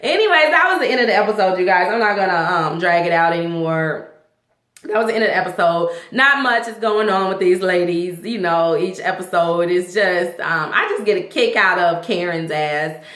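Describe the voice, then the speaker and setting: Chatty woman with a bright, echoey voice. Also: on the low side, moderate pace. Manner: animated, laughing, profane, acts out quotes. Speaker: vlogger reviewing a reality show. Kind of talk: casual reality-TV recap.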